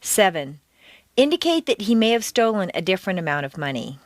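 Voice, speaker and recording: A woman teaching pronunciation on a scripted audio course, speaking deliberately and exaggerating the stressed words. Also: medium pitch, big pitch swings, heavy background noise.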